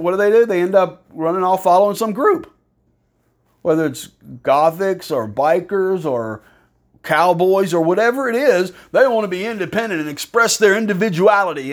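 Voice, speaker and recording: Male preacher, high-pitched, animated, rhetorical and sarcastic. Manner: animated, rhetorical questions, sarcastic mock-praise in raised pitch. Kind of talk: sermon.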